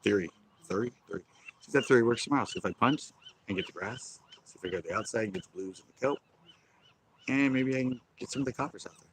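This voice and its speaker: A man's voice: mid-range voice, very fast, fairly bright tone, a little hiss or hum, rough recording. A man hosting a casual fishing live stream outdoors on a pier, rambling and chuckling as he talks. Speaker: fishing livestream host.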